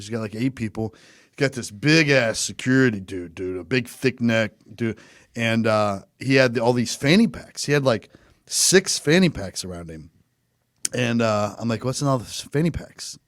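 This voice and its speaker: A man's voice: mid-range voice, expressive, moderate pace, dry recording, studio quality. A man co-hosting a podcast, telling rambling stories in casual, profane chat. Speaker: podcast co-host.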